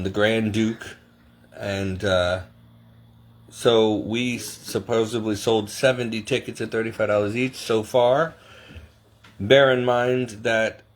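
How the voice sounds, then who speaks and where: Middle-aged man, slightly low voice, loose rambling vlog chat, self-mocking, quick to laugh. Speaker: vlogger. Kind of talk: casual chat to camera.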